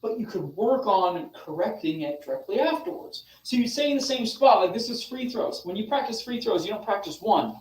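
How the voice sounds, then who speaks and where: A young adult man coaching a group over a video call, animated and demonstrative, talking straight to his listeners. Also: sits high, fairly quick, hardly any pauses, roomy sound, recorded from a distance, a little hiss or hum, rough recording. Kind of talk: motivational online session.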